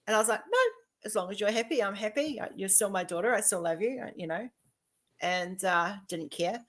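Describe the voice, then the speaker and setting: A woman in her fifties chatting casually, telling lively personal stories and acting out what people said. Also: mid-range voice, a little fast. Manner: chatty, animated storytelling, acting out quoted dialogue.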